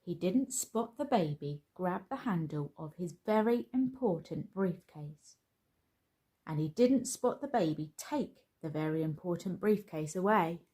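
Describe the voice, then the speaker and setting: A woman with a fairly low, husky voice reads a children's picture book aloud, slow and expressive in her storytelling.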